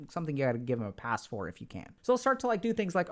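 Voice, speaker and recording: A man giving a casual, animated talk on relationships, acting out quoted dialogue. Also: on the high side, rapid-fire, hardly any pauses. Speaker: relationship educator.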